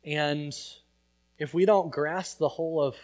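A man preaching a sermon in a conversational way, building to loud emphatic peaks. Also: on the high side, fairly even intonation, unhurried. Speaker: pastor.

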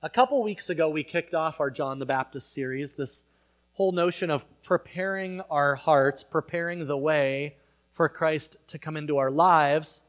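Man, pastor, sermon, conversational, emphatic swells, slightly high pitch. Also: moderate pace. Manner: conversational, builds to loud emphatic peaks.

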